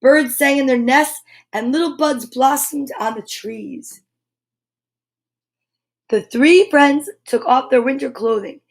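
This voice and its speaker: A woman reading a children's picture book aloud, animated and chatty, breaking off for little asides to her listeners. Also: high voice, slow, pauses often.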